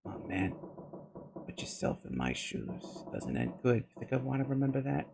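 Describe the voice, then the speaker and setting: A man voicing a gruff, weary grown man who talks low and subdued. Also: very animated, normal speed, background noise. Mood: grim, weary.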